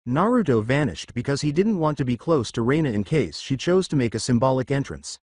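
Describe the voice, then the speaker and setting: A man narrating a fan fiction story aloud in a steady reading manner. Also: mid-range voice, fairly quick, no room sound, clean studio sound.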